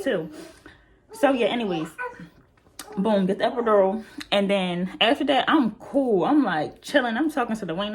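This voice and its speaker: A chatty young woman tells a casual storytime. Her voice sits at a middle pitch, and she keeps talking straight to her viewers with lots of fillers. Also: slight background noise. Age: young adult. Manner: chatty, frequent fillers, addresses viewers directly. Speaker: vlogger.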